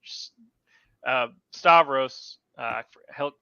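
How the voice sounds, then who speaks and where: Speaking extremely slowly at medium pitch, this co-host has a creaky voice with a bright, forceful, yet clear and resonant tone, and no echo. He chats casually about fantasy football, rambling and correcting himself as his voice trails off. The audio comes from a dull, dry lo-fi mic.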